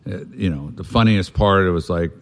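A man's voice: low voice, a little fast. A man telling a candid recovery story in conversation, blunt and swearing freely, loose and rambling, then earnest about making amends. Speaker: guest sharing a recovery story.

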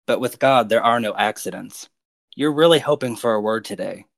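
A man on a podcast delivering prophetic words to named listeners in a slow, earnest, pastoral way. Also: lowish voice, creaky, no echo.

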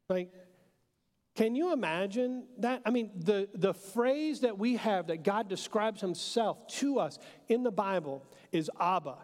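A man in his thirties, a pastor preaching a sermon in a relaxed, joking way, full of fillers. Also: high voice. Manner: casual and joking, with many fillers. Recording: long hall reverb.

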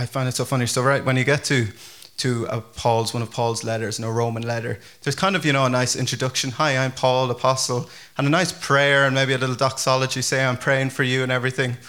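A man preaching a casual, conversational sermon as pastor, chatty and animated with frequent fillers and restarts. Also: mid-range voice, a little fast, hardly any pauses.

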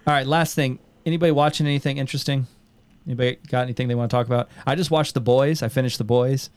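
A man's voice: mid-range voice, racing, clean tone, no room sound. Young male podcast host, laid-back chat, loose and profane, dry close sound. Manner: swears often, animated storytelling with quoted voices. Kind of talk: casual chat.

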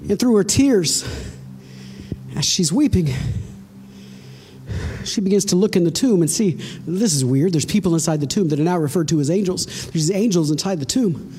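A woman's voice: lowish voice, lively intonation, moderate pace, dark tone, slight background noise. A woman preaching a sermon to her congregation, retelling a story dramatically with rhetorical questions and direct address.

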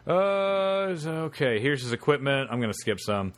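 A man's voice: mid-range voice, big pitch swings, normal speed, few pauses. A man co-hosting a podcast, telling a story with sarcastic asides in casual chat. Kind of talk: casual podcast chat, reading excerpts aloud.

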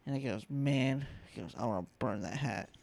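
A man's voice: medium pitch, normal speed, vocal fry. A man in casual podcast chat, retelling stories animatedly and acting out the quotes. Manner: animated storyteller, acts out quotes.

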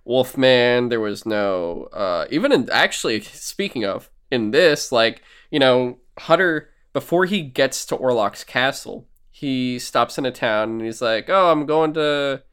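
A man of middle pitch retelling movie scenes in a lively way, slipping into jokey voices for the characters. His talk is casual and full of laughs and asides. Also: a little slow, hardly any pauses, clear, resonant tone. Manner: animated storyteller, acts out lines in jokey voices. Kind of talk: casual chat about horror films.

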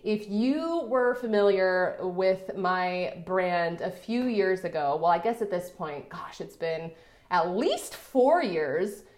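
A woman's voice: on the low side, expressive, takes it slowly, darkish tone. Chatty woman podcaster in a roomy space. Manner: chatty, upbeat, lots of "like" fillers and laughs. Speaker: podcast host. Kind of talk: casual solo podcast talk. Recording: roomy reverberant room.

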